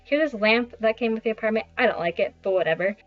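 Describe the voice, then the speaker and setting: A young woman with a fairly high voice quickly narrates a casual tour of her small basement apartment for her vlog. She's chatty and self-deprecating, wandering into rambling asides, and the lo-fi audio sounds slightly dull, with faint music behind her.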